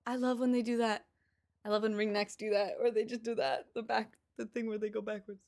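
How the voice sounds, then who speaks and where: A woman streamer talking loosely to her chat as she reacts to clips. Her voice sits a little high, and she rambles with plenty of fillers, cooing affectionately over the pets on screen. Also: flat delivery, fairly quick, creaky, darkish tone. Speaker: livestreamer. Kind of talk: casual reaction chat with viewers.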